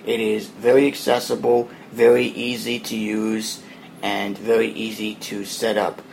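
A man hosting a podcast, walking listeners through an app in a relaxed, plain explaining tone. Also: on the low side, measured pace, gravelly, slight background noise. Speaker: podcast host demoing an app. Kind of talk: casual spoken app walkthrough.

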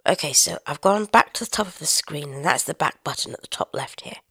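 Woman, chatty tutorial voice, husky, lively pitch. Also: a little fast, dry recording. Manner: chatty, explanatory, amused. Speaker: app demo presenter. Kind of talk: chatty screen-reader tutorial.

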